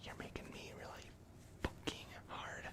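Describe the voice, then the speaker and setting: A man acting as a crude, menacing bandit captor in a 3D audio role-play, swinging between close whispers and loud taunts. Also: medium pitch, measured pace, vocal fry, reverberant, a little hiss or hum.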